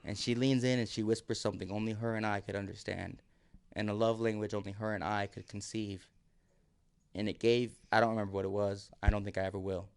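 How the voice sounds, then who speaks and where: A podcast guest tells a wild survival story casually and vividly, acting out his own quotes and sometimes dropping to a near whisper. His lowish, smooth voice is delivered flatly and a little fast.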